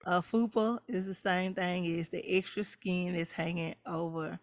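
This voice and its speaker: A woman's voice: fairly low pitch, moderate pace, no echo. A woman co-hosting a podcast, reining in and scolding her co-host in mock-indignant casual banter.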